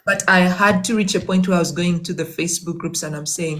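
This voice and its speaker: A woman's voice: lowish voice, fairly even intonation, brisk, few pauses, a bit bright. A woman from Uganda, a virtual assistant giving career advice to viewers in a casual motivational talk. She talks emphatically, repeats her key phrases and acts out little dialogues.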